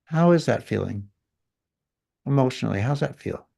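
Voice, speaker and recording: A man guiding someone through a feeling exercise in a calm, gently directive coaching way. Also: medium pitch, normal speed, creaky, husky. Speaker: guest healer leading an exercise. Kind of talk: guided exercise in conversation.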